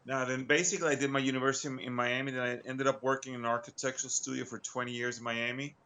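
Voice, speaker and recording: A man chatting as a guest on a video call, halting and repeating his words. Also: mid-range voice, level tone, pushed and bright. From New York. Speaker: livestream guest. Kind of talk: casual video call chat.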